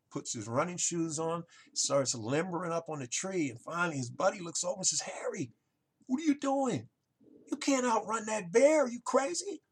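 Husky man giving emphatic rhetorical pep talk. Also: on the high side. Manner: emphatic, rhetorical questions, addresses listeners as ladies and gentlemen. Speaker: podcast host. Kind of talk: motivational marketing monologue.

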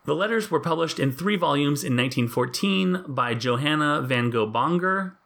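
Bright-voiced joking male podcast co-host. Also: fairly high pitch, lively intonation, moderate pace, creaky. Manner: wry, joking, laughs often. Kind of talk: casual chat.

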